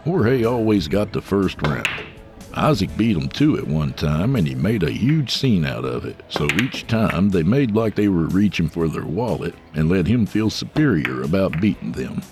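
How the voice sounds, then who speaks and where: A man narrating a story in a measured, scripted storytelling delivery. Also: sits low, very animated, over music.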